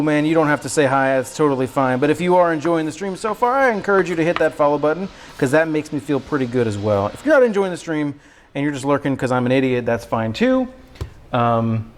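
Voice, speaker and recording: A man with a fairly high-pitched voice hosts a casual cooking livestream from his home kitchen, heard through poor audio. His chat with viewers is upbeat, slangy and self-deprecating.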